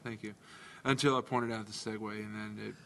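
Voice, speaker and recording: A man co-hosting a casual podcast chat, dry and hesitant, pausing with many fillers. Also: on the low side, steady tone, vocal fry, a bit bright, a little hiss or hum. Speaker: podcast co-host.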